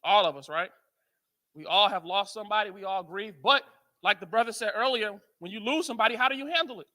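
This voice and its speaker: An American man speaking at a men's conference, telling stories to a live audience in an animated, joking way and asking the crowd questions. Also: sits high. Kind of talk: storytelling talk to a live audience.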